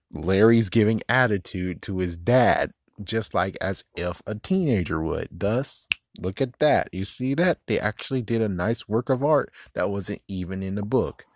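Rambling man recapping a show. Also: lowish voice. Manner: rambling, animated, laughs often, mimics characters in raised voice. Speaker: video commentator. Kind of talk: casual recap commentary.

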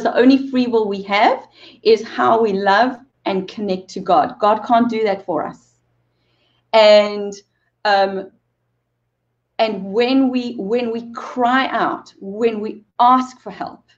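Woman in her 40s, movement coach guest, higher voice, earnest and laughy, kind of muffled lo-fi sound. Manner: earnest, repeats phrases, laughs between sentences. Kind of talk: emotional storytelling in a podcast interview.

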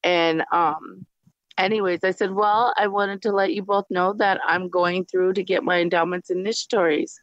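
A woman shares her personal faith testimony at a normal pace, retelling conversations animatedly with lots of "I go, she goes" back-and-forth. Her pitch jumps high when she quotes moments of surprise. The recording is dry with no echo, dull and slightly lo-fi.

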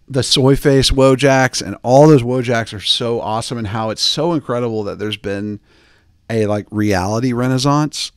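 A man's voice: medium pitch, no echo, clean studio sound. A man hosting a podcast, chatting casually in a rambling, joking way with lots of fillers. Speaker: podcast host. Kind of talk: casual chat.

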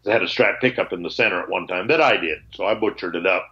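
A man's voice: sits low, fast talker, dull audio. A man, a guitarist, telling candid stories on a call. He acts out both sides of old conversations and swears freely. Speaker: guitarist guest.

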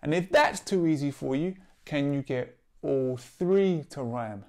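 A man, a poet leading a friendly, upbeat rhyming warm-up for young writers, explaining each task clearly. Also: fairly high pitch, animated, measured pace. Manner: upbeat, clear teacher-like explanations with example rhymes. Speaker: poet and workshop leader. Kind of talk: instructional video for young writers.

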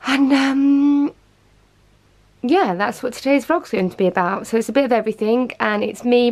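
A woman's voice: mid-range voice, a little mellow. A woman chatting casually in a home vlog, rambling and self-mocking as she talks. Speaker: vlogger. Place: home walk-in closet.

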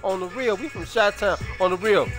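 A man's voice: sits high, brisk, over music. A young man from Chicago with a Chicago accent, chatting casually on his stream in slangy, profane talk full of drawled repeats.

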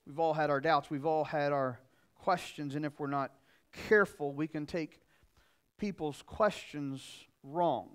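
A middle-aged man pastor preaching a sermon, earnest and repetitive, swinging from loud emphasis to quiet asides. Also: on the high side, unhurried, clean tone.

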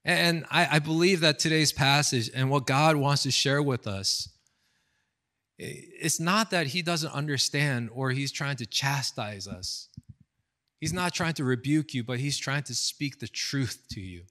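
In an indoor online seminar recording, an American pastor in his thirties speaks in a mid-range voice, taking his time. His sermon is casual and animated, told as a story with plenty of fillers and dramatized quotes.

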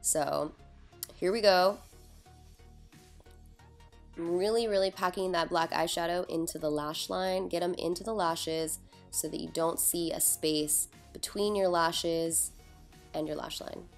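A woman's voice: lowish voice, steady tone, a little slow, long pauses, faint music behind. A young woman chatting casually through a makeup tutorial, joking at herself and sounding a little sleepy. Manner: chatty, self-deprecating, talks through each step. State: sleepy, just woke up. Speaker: beauty vlogger.

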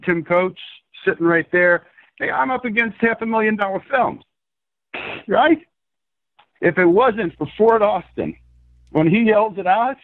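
This is a man with a high voice who tells stories in an excitable, swearing rush. His pitch leaps up and down constantly. The sound is tinny and dry, like a call taken over a phone line. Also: no room sound. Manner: animated, excitable, profane storyteller. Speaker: filmmaker guest. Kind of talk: phone interview.

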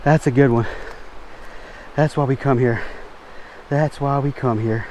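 Excited man, fishing vlogger, outdoors, repeats himself, faint stream noise, mid pitch. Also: unhurried. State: out of breath. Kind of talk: excited outdoor vlog narration.

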